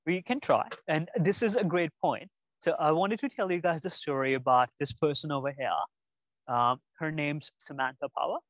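A man's voice: on the high side, moderate pace, dry recording, low-quality recording. Young man telling stories animatedly. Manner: animated storytelling. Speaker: speaker at a youth session. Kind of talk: casual talk to young students. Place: room with an audience.

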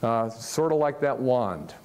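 A man from Ohio giving a live motivational talk to an audience, animated and jokey, often putting questions to the crowd. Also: mid-range voice, slow, slight background noise. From Ohio, USA. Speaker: motivational speaker. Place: large hall with a live audience.

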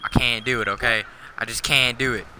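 A man's voice: mid-range voice, fairly even intonation, brisk, background noise. A young man livestreaming a game, trash-talking other players in slangy casual commentary while half asleep. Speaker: livestreaming gamer.

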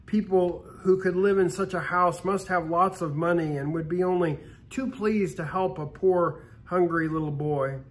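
A man's voice: sits high, fairly even intonation, moderate pace, few pauses, close to an everyday voice. Storybook figure: a shy, hungry little boy who stammers, lightly voiced by a man reading aloud. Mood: timid. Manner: stammering, pleading. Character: poor hungry little boy, timid and hopeful.

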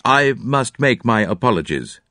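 A man's voice: mid-range voice, big pitch swings, a little slow, bright, forceful tone, no echo, clean studio sound. A man voicing a polite, rueful doctor who apologizes for his state. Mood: apologetic.

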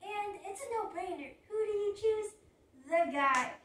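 A woman's voice: very high voice, animated, a little slow, fairly bright tone, far from the mic, slight background noise. A young woman telling a rambling storytime in a casual, chatty way. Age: young adult. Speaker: vlogger. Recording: roomy sound from away from mic.

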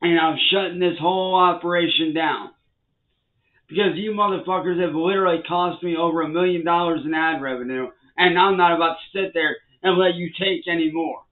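In this angry rant to the camera, a vlogger keeps cursing and warning and threatening those he calls trolls. His fairly high voice holds a steady tone and moves a little fast, recorded with a thin, phone-like sound.

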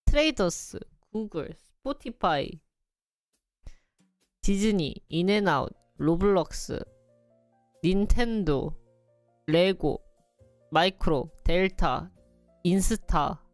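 A woman's voice: on the low side, lively intonation, quick pace, pauses often, a little mellow, no room sound, faint music behind. A woman streamer in casual live-stream chat, laughing often as she reads lists aloud and tries out pronunciations. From Korea. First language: Korean.

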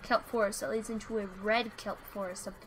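A woman's voice: mid-range voice, fairly even intonation, brisk, a little hiss or hum. A woman co-hosting a game stream, dramatically guiding her friend step by step through the route. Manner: bossy, dramatic, gives directions step by step. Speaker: co-host guiding the player. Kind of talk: casual gameplay chat.

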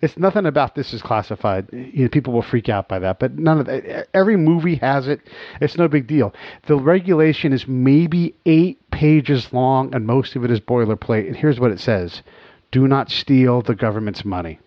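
A man hosting a podcast, telling stories in an animated, casual way and laughing often. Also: medium pitch, normal speed, no echo. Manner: animated, laughing, breaks into quoted voices. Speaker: podcast host. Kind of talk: casual storytelling. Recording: dry, dull lo-fi sound.

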